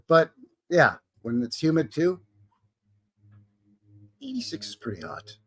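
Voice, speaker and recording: Folksy Canadian man with a lively voice. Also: on the high side, slow pace, long pauses, breathy edge. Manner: jokey and folksy, greeting chat by name. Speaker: livestream host. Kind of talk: casual live-stream chat.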